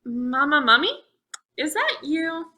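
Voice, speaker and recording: A woman's voice: high voice, very animated, slow, sharp tone, pitched above the performer's own voice, full character voice. A woman voicing a small baby mummy boy in a storybook, calling out for his mother. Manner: calling out anxiously.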